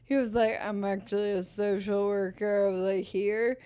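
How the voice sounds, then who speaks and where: A woman's voice: medium pitch, steady tone, normal speed, warm tone, clean tone. A woman podcast co-host and stand-up comic, telling crowd-work stories in casual chat with jokey threats.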